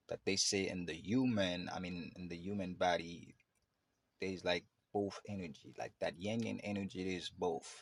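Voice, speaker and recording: Gravelly low-voiced man musing loosely. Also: dry recording. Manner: loose and rambling, many fillers and restarts. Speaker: podcast host. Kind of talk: casual reflective monologue.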